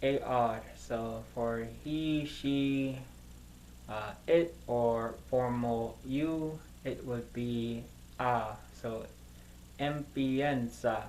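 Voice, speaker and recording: Slow, hesitant male language learner. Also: mid-range voice, a little mellow, a little hiss or hum, poor audio. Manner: hesitant, searching, many filler sounds. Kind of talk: thinking aloud while practicing.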